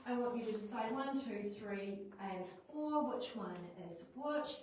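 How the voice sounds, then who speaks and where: A New Zealand woman teacher talks parents through classroom writing lessons, lively and chatty. She is picked up from across a very echoey room, with faint noise underneath. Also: on the high side, unhurried, few pauses, distant mic. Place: school hall or classroom at a parents' evening. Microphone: livestream device at a distance.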